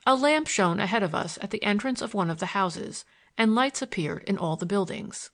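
Here a woman with a medium-pitched voice reads an audiobook from a script, her storytelling measured yet expressive.

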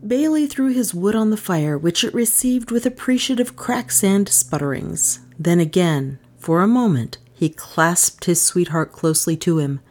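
A woman narrating a mystery novel in a measured, expressive storytelling manner. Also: fairly low pitch. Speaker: audiobook narrator.

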